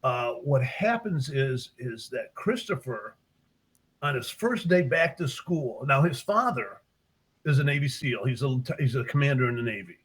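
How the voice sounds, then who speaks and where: An older male author recounts his book's story in a casual interview, animated and voicing each character as he goes. His voice sits at medium pitch with a breathy edge, moving at a moderate pace over a low-quality recording.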